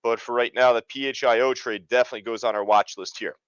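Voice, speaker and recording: A man's voice: medium pitch, fairly even intonation, fast talker, smooth, no room sound, muffled recording. A man hosting a live trading webinar, talking casually with lots of fillers. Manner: casual, chatty, many fillers. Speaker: trading room host.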